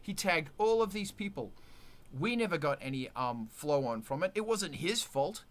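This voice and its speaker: A man hosting a casual livestream chat, talking in an animated, rambling way with restarts and swearing. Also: fairly high pitch, normal speed. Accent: Australian. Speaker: livestream host, musician.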